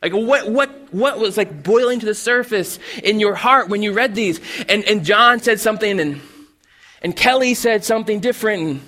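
A man preaching a casual, conversational sermon, animated and full of restarts and acted-out asides. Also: sits high, normal speed. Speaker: pastor.

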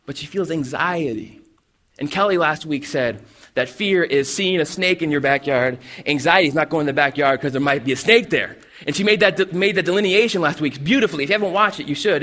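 A man preaching a casual, conversational sermon, animated and full of restarts and acted-out asides. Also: high voice. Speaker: pastor.

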